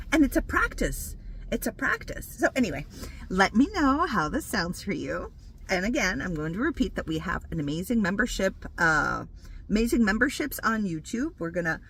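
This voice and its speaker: A woman hosting her own spiritual channel, talking loosely and without a script, repeating herself and jumping up high when she voices her inner thoughts. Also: a bit bright, slight background noise. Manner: repeats phrases, loose and unscripted. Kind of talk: casual spiritual talk to camera.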